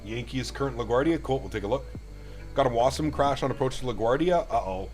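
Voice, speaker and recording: A laid-back man from Canada talks his viewers through a simulated flight in loose, chatty live-stream commentary. His voice sits at an ordinary middle pitch, and he swears freely. Faint music plays behind him. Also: fairly quick, darkish tone.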